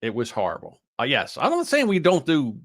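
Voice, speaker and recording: Lively older male podcast host. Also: medium pitch, dry recording, studio quality. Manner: animated, swearing, quick to laugh. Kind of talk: casual chat.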